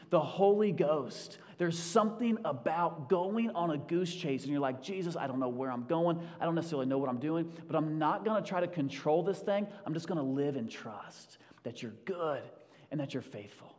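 A man preaching a sermon from the pulpit with animated storytelling. He acts out his own inner voice with shifting energy, in a slightly high voice. The sound carries a long reverb from a large hall. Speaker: pastor.

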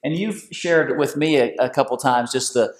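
A man hosting a faith-based conversation, preacherly and animated, with big swings in pitch. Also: moderate pace. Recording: echoey room.

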